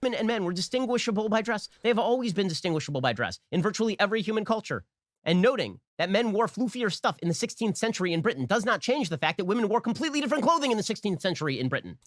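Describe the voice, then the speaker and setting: A man delivering a rapid, combative political monologue, emphatic and argumentative. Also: high voice, very animated, no echo, clean studio sound. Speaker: political commentator.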